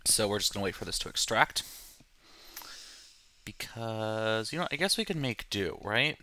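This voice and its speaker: A man's voice: on the low side, expressive, normal speed, bright, forceful tone, a little hiss or hum. A man hosting a let's play, talking through his game with casual, joking, self-deprecating asides. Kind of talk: casual gameplay commentary.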